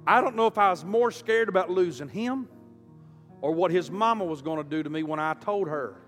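Preacher, high voice, impassioned storytelling sermon in a reverberant hall over soft music. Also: male voice, brisk. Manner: impassioned, surging from quiet to loud. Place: church auditorium.

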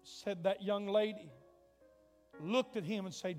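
High-voiced preacher in a reverberant hall. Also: male voice, unhurried, pauses often. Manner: dramatic, swings from hushed to shouting. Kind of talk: revival sermon storytelling. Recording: long hall reverb, faint music.

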